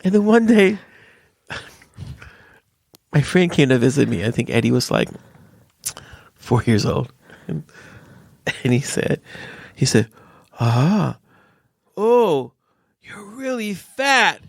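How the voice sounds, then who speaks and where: A man with a gravelly, creaky voice tells stories in a casual conversation, jumping up and down in pitch as he acts out the people he quotes. He sounds close to the mic, and the sound is dry. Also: measured pace, long pauses, dry recording. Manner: animated storyteller who acts out quoted voices. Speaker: father sharing his story.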